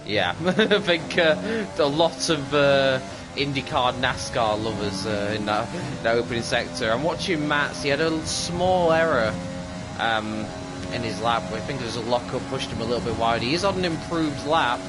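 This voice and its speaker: A man's voice: mid-range voice, moderate pace. A man commentating a sim racing qualifying session with chatty, upbeat play-by-play and frequent fillers. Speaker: lead commentator. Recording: music bed underneath.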